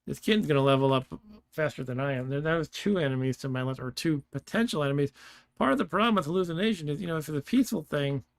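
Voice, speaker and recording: A man's voice: fairly high pitch, fast talker, gravelly, no echo. Chatty man playing a game, dry sound. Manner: chatty, laughs often, thinks aloud. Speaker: gameplay streamer. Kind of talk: casual let's-play commentary.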